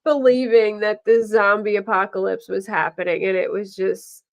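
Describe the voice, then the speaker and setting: A middle-aged woman with a mid-range voice and moderate pace hosts a true crime talk show. She chats casually and tells stories in an animated way, acting out the voices of the people she quotes.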